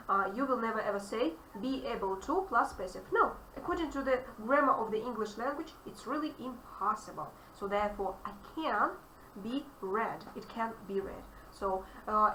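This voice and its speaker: Animated Russian-accented woman teacher. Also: fairly high pitch. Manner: animated, emphatic, repeats key phrases. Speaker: English teacher. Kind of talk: online grammar lesson. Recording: echoey room, distant mic, faint noise.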